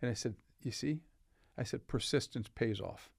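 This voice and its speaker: In a podcast studio, an older man who founded a company shares casual anecdotes, voicing the dialogue in his stories. He speaks at a medium pitch and moderate pace with vocal fry, recorded at studio quality with no echo.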